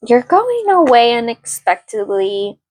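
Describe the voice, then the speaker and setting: A woman's voice: a little high, big pitch swings, measured pace, dry recording, poor audio. A young woman giving a casual, rambling tarot reading with lots of fillers. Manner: rambling, chatty, many fillers; yells at barking dogs mid-reading. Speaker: tarot card reader.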